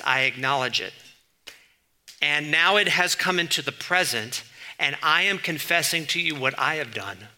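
A man delivers a sermon in a very bright, ringing voice pitched slightly high. He talks to the congregation in a conversational way, reading scripture aloud and slipping into quick asides. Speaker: pastor.

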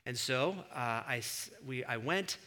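A male pastor preaching a sermon in a church, an animated storyteller who surges into emphatic, near-shouted points. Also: medium pitch, a little slow. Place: church sanctuary. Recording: long reverb of a church hall.

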